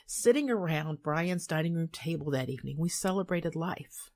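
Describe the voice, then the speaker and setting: An older woman reading her own memoir aloud in a calm, measured, soothing way. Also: deep voice. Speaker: author and hypnotist.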